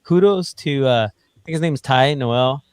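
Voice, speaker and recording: A man's voice: mid-range voice, measured pace, clear, resonant tone, no echo. A man co-hosting a podcast in casual chat, laid-back and chatty. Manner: laid-back, lots of fillers and laughs. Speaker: podcast co-host.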